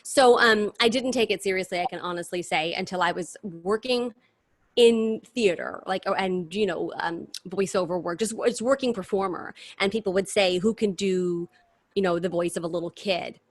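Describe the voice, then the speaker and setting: A woman's voice: mid-range voice, moderate pace, no echo. Chatty woman telling stories on a dry call. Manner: chatty, animated storyteller. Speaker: guest performer. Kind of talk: casual interview chat.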